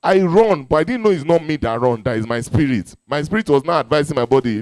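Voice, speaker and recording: A Nigerian man in his thirties doing stand-up comedy, animated and acting out voices as he tells a story to a live audience. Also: a little high, fast, few pauses, reverberant. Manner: animated, acts out voices with Yoruba phrases. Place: event hall before a live audience.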